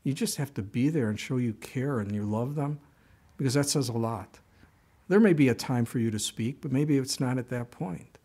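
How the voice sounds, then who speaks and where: An older man delivers a sermon in a relaxed, conversational way. His voice sits at an everyday middle pitch, and he often restarts a thought or drops in a quick aside before moving on. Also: slightly rough. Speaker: pastor.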